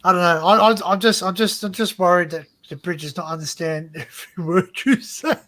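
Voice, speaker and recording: Male host, Australian accent, high-set voice, chatty and rambling with laughs, video call. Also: brisk, fairly bright tone. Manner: rambling, laughing, repeats himself. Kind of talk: casual panel chat on a livestream.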